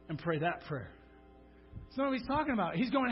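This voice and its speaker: A high-voiced man preaching in a church, his voice carrying with a long reverb through the hall. He repeats himself and checks in with "right?" as he goes, slipping into desperate prayer voices. The sound is dull and muffled, with faint music underneath. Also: a little fast, slightly rough. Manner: animated preaching, acting out anguished prayers, repeats words and says "right?" often. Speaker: pastor. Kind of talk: sermon. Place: church sanctuary.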